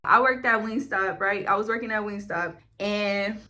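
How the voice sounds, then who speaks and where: A woman's voice: medium pitch, moderate pace, bright, forceful tone. A young woman, telling a casual, profane storytime to camera at home. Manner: chatty, profane, slangy. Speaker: vlogger. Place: home, in front of a ring light.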